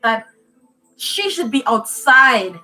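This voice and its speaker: A woman's voice: fairly high pitch, big pitch swings, takes it slowly, sharp tone, faint music behind. A woman at home on her sister's live stream, teasing her and butting in to talk to viewers. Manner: teasing, playfully interrupting. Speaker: host's sister, co-host. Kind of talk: casual chat. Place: at home indoors.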